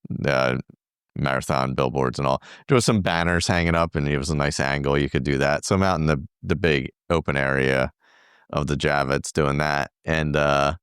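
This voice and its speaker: A man's voice: very deep voice, steady tone, normal speed, fairly bright tone, clear, resonant tone, no echo, studio quality. A middle-aged man, a podcast co-host, recounting a trip in casual, rambling chat full of fillers. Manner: rambling, filler-heavy storytelling.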